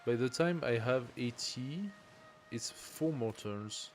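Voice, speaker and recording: A man's voice: mid-range voice, animated, slow pace, a little hiss or hum. A man streaming a strategy game, thinking aloud and reading game text as he plays. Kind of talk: casual live gameplay commentary.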